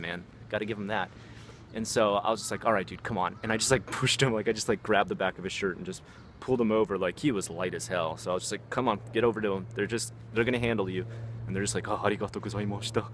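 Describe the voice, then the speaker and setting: A man's voice: lowish voice, fairly bright tone, a little hiss or hum. Slangy, swearing man telling stories outdoors. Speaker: vlogger. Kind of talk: casual storytelling.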